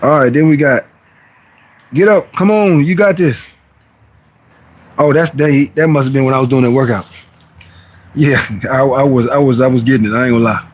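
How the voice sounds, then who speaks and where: Speaking fast in a mid-range voice with fairly even intonation, a man running a fitness livestream rambles casually to his viewers in slangy talk. He restarts often and regularly impersonates other people.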